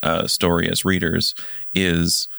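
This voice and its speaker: A man co-hosting a casual book discussion podcast, talking haltingly with frequent pauses and restarts. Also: low-pitched, monotone, creaky, pushed and bright, no room sound, clean studio sound. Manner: halting, many fillers and restarts. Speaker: podcast co-host.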